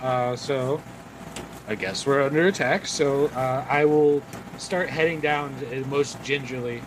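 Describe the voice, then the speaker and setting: A man playing a tabletop game, speaking softly and hesitantly with many fillers. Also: mid-range voice, steady tone, a little slow, background noise. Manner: soft, hesitant, many uhs. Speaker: player. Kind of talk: casual tabletop play.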